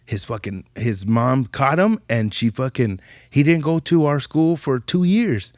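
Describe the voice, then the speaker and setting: Animated man telling stories. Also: a little slow, no echo, clean studio sound. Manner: animated, profane street slang, jumps pitch when quoting people. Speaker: podcast guest. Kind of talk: casual storytelling chat.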